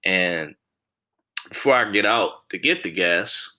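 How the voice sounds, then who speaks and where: A man with a very low voice talks through a solo podcast monologue. His speech is blunt and profane, full of restarts, and his tone is bright and forceful. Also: animated, takes it slowly. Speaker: podcast host.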